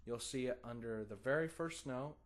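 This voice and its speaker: Guy giving a guitar lesson, patient, counts in and sings the strums out loud. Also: mid-range voice, normal speed. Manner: encouraging, patient, sings rhythms as "da da". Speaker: guitar teacher.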